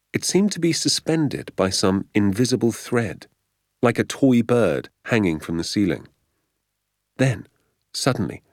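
A man narrating an audiobook in a steady, descriptive storytelling manner. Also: lowish voice, no echo, clean studio sound.

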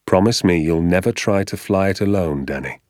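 A man reading aloud, voicing a kind, patient father who speaks with calm reassurance in a storybook. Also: low-pitched, moderate pace, no echo, clean studio sound, close to an everyday voice.

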